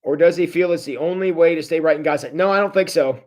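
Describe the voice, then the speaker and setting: This pastor's voice is a little high and slightly mellow, and he moves at a quick pace. He teaches a Bible study over livestream, speaking conversationally, addressing viewers directly, and repeating words whenever he restarts.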